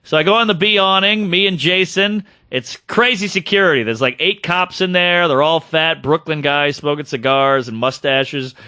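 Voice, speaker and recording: A man co-hosting a podcast, telling a long story in an animated, casual way and acting out other people's voices. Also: a little high, normal speed, few pauses, clean tone, dry recording, studio quality. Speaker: podcast co-host, comedian.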